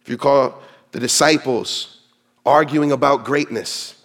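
A man's voice: medium pitch, a little slow, a bit bright. A man preaching a sermon to his congregation, emphatic and quoting scripture in dramatic voices. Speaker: pastor.

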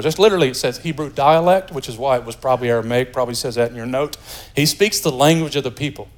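A pastor from the United States preaching a sermon in a lively, joking, conversational way. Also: male voice, mid-range voice, fast talker.

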